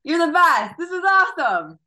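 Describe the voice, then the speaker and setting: A woman's voice: very high voice, sing-song, moderate pace, heavy background noise. A woman hosting a podcast, chatting eagerly and gushing to her guest. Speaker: podcast host. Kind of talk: casual chat.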